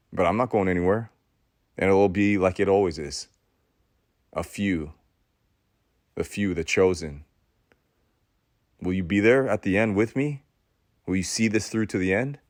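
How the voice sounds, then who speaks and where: A man who is a podcast host, delivering a preachy motivational monologue in a sermon-like cadence, with dramatic pauses, repeated phrases and stammering restarts. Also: fairly low pitch, expressive, dry recording, studio quality.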